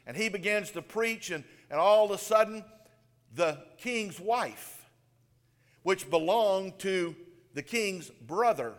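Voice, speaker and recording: A man with a high voice preaches a sermon, telling a story and voicing its people in turn. His words ring out with a long reverb, as if filling a large church. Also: lively intonation, slow pace.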